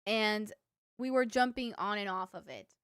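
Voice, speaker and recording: A woman's voice: medium pitch, measured pace, fairly bright tone, smooth, no echo. Rambling, chatty woman streamer, dry sound. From Cuban family. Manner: rambling storyteller, lots of fillers, laughs at own stories. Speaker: livestream streamer. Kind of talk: casual chat with viewers.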